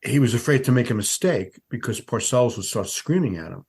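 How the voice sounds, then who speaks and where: A man's voice: medium pitch, expressive, fairly quick, vocal fry, a little mellow, husky. A man in his sixties, a veteran sportswriter, telling stories as a podcast guest in a conversational way with frequent restarts. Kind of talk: podcast interview.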